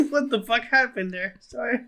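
A man co-hosting a film podcast, eagerly pitching ideas with plenty of swearing and fillers. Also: a little slow, bright, forceful tone. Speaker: podcast co-host. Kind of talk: casual film podcast chat.

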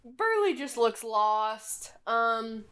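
A young woman narrating a tabletop game as game master, in a relaxed way with many fillers. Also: a little high, extremely slow.

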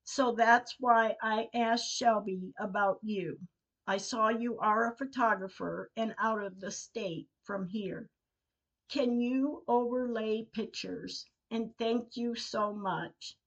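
A woman hosting a podcast, reading her personal diary entries aloud in a measured, emotional way. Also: on the high side, fairly bright tone, lo-fi sound. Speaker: podcast host.

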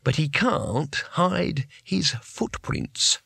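Man playing a calm decisive wizard, firm and measured, bright tone, dry close sound, audiobook. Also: fairly high pitch, creaky, husky, dry recording, pitched above the performer's own voice, exaggerated voice.

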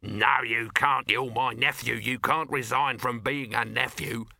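A man's voice: medium pitch, fairly even intonation, measured pace, vocal fry, sharp tone, no echo, heavily acted. A man voicing a glib, money-minded showman who talks with dry, wheedling self-assurance.

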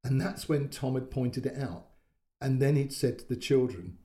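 A man narrating a short story in a measured, descriptive way. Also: mid-range voice, lively intonation, dark tone.

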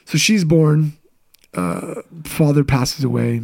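A man's voice: on the high side, sing-song, creaky, darkish tone. A man in his thirties, a business coach, telling candid personal stories in a casual interview chat. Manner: candid, storytelling, quick asides.

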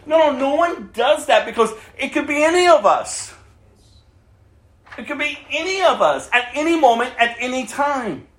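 A man's voice: very high-pitched, animated, moderate pace, fairly bright tone, echoey room. A male pastor preaching a sermon, earnestly reading scripture aloud and chuckling often as he speaks.

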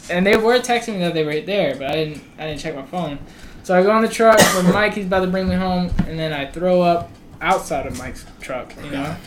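A man's voice: high voice, moderate pace, noisy background. Laughing, swearing young storyteller guy. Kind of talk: casual storytelling chat.

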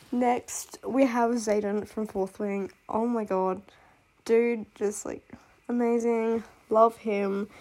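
A young woman vlogs casually about her favourite books, gushing and rambling with endless fillers. Her voice sits a little high and is soft and mellow in tone. She is sick and coughs now and then. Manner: gushing and rambling, full of "like" and "oh my god". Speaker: book vlogger. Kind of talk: casual chat.

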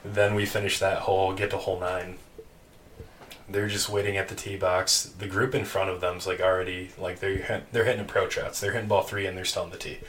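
A man co-hosting a podcast, telling a long story in casual chat, animated and laughing, with casual swearing. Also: low voice, a little fast. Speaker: podcast co-host. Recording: distant mic with faint noise.

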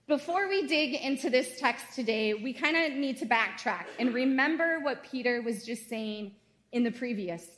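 A woman pastor in her thirties delivers a sermon in a church sanctuary. Her voice sits a little higher than most women's. She keeps it conversational and earnest, with casual asides between the scripture.

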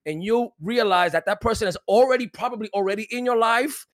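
A man's voice: sits high, fairly quick, no room sound. A male minister guesting on a podcast, encouraging listeners in a preacherly way. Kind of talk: exhortation in podcast discussion.

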